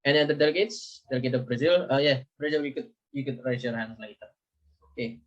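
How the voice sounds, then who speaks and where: A man's voice: mid-range voice, fast, highs cut off. Man chairing a model UN session. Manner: hesitant, many fillers and okays. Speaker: committee chair.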